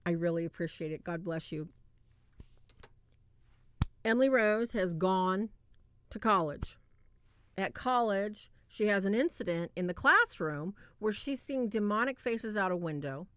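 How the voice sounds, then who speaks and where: A woman hosting a livestream, retelling a film in a casual, animated way and acting out quoted lines. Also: medium pitch, unhurried, pauses often, no echo, clean studio sound. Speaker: livestream host reviewing a film.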